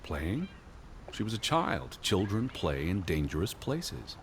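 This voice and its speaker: A cold, pedantic scholar. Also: male voice, deep voice, very animated, takes it slowly, slight background noise, heavily acted. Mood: cool. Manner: dry, dismissive, precise. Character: cold, pedantic scholarly gentleman, middle-aged. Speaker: game character. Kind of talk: game voice acting. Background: game music.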